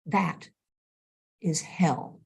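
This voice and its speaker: A woman playing a calm, disdainful old monk. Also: fairly low pitch, drawn-out words, gravelly, slightly rough, full character voice.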